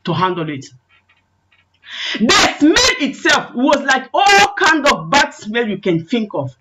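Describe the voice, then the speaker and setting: Slow and high-voiced, this woman evangelist swings hugely in pitch as she preaches. She tells a testimony full of acted quotes and pleads in impassioned, repetitive prayer. The audio is a muffled, lo-fi online call with a noisy background.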